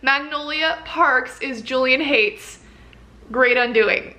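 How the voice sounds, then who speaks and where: A woman with a bright, fairly high voice rambles to her camera in a casual book vlog. She gushes and gets carried away, dropping the occasional curse word as she chats. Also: slow. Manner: rambling, gushing, excitable; swears casually. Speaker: book vlogger. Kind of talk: casual reading vlog chat.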